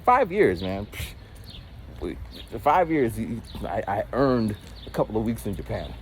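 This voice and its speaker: A man in his forties rambles through a story outdoors as he walks, often stumbling over repeated words. His pitch swings in a very animated way, and faint noise sits behind him. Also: measured pace. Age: 40s. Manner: animated, rambling, with frequent stammered restarts. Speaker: vlogger. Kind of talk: casual storytelling while walking. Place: outdoors, walking.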